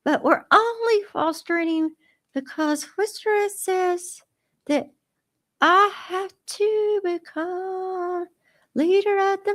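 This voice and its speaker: A very high, squealing little princess girl, put on by a woman, timid and excitable, who gushes breathlessly and piles up her words. She sounds like a children's radio story, with a slow, careful delivery between the bursts. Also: full character voice. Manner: breathless and gushing, squeals with emotion. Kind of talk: children's radio show role-play.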